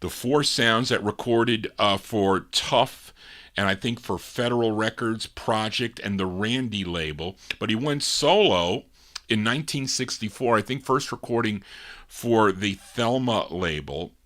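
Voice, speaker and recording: A man's voice: fairly low pitch, a little slow. A man hosting a record show, telling a long personal story in casual chat and acting out the quoted lines of other people. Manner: animated, acts out quoted dialogue. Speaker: radio show host.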